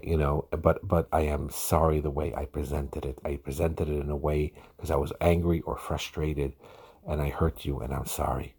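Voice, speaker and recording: Male marriage counselor, very deep and husky, earnest, repeats for emphasis. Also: darkish tone. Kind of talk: podcast lecture on marriage.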